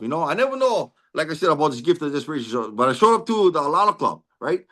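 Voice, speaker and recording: A man's voice: a little high, sing-song, quick pace, hardly any pauses, a bit bright. A man with a Hawaiian Pidgin-inflected accent giving an earnest personal recovery testimony, tagging nearly every phrase with "right?" and restarting often. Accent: Hawaiian Pidgin-inflected English. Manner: frequent restarts and stammered repeats. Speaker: recovery meeting speaker.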